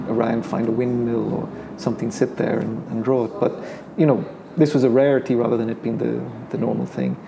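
A middle-aged Irish painter, his accent carrying an English lilt, talks casually about his life in an interview, hesitant and full of restarts. His medium-pitched voice has vocal fry, with background noise present.

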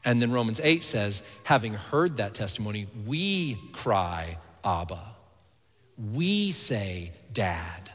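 A man in his thirties, a pastor preaching a sermon, earnest and animated, sometimes dropping to quiet intensity. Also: fairly low pitch, slow, few pauses. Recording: long hall reverb.

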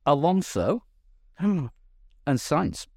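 Chatty podcast host, lively voice. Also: male voice, a little high, gravelly, no echo, studio quality. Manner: halting, with frequent ums and restarts. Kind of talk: casual chat.

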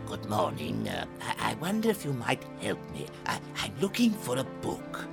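A man's voice: fairly low pitch, wildly swooping pitch, normal speed, creaky, over loud music. A man performing a hesitant, stammering, bumbling sketch character. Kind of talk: comedy sketch acting.

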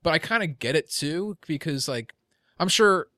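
A man's voice: on the high side, lively intonation, normal speed, sharp tone, no echo. A man guesting on a podcast in casual chat, laughing easily and telling stories with acted quotes, on a close studio mic.

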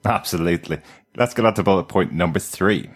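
A man's voice: deep voice, brisk, husky. A man co-hosting a podcast, chatting enthusiastically about a TV series and repeating words as he thinks. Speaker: podcast co-host reviewing a TV series. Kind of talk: casual review chat.

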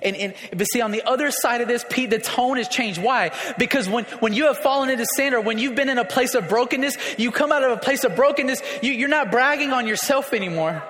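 Male pastor, high voice, impassioned sermon delivery, roomy hall reverb. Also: fast, few pauses. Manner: emotional, building to shouts. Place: church hall. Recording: echoey hall.

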